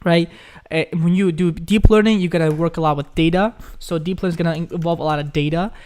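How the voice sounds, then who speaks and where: Young male live-stream host, from Ukraine, smooth slightly high voice, loose chatty delivery answering viewer questions. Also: fairly even intonation, fast, darkish tone. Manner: chatty, reads chat questions aloud, says "guys" often. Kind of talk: casual live Q&A.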